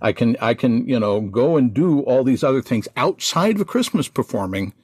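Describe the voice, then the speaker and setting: A man's voice: medium pitch, sing-song, moderate pace, a little mellow, husky, no echo. An American man who teaches Santa performers, giving emphatic, teacherly advice on a podcast and repeating his points. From United States. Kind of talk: instructive podcast talk.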